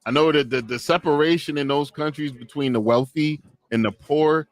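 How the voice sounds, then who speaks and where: A man's voice: a little high, normal speed, no room sound. A man co-hosting a video reaction show, telling slangy stories in casual chat. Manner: animated storytelling, slangy.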